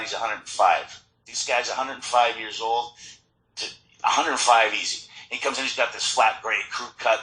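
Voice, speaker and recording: A man giving a personal recovery talk at a meeting, telling his story in an animated way with frequent restarts, recorded in an echoey meeting hall. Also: fairly low pitch. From Florida.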